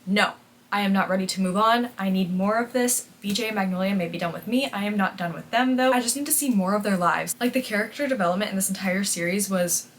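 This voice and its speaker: This is a young woman recording a cozy reading vlog. She reads passages aloud and reacts in a gushing, chatty, openly emotional way. Her voice sits at an ordinary middle pitch, with a light background hiss on the recording. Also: quick pace. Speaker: book vlogger.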